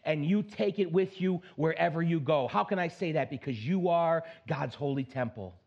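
A man preaching a sermon as pastor, emphatic, swinging from high exclaims down to low, slow stresses, with playful asides. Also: creaky, lo-fi sound. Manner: playful asides, mock self-talk.

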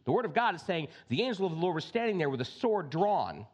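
Preaching quickly, a male pastor uses a high voice that rises and falls widely. His sermon alternates scripture with chatty remarks aimed straight at the congregation, all in a lively, conversational style.

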